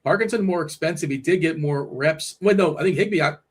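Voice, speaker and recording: A man's voice: a little high, a little fast, breathy edge. Man hosting a casual sports chat. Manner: leads the segment, reads out numbers with fillers. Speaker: podcast host.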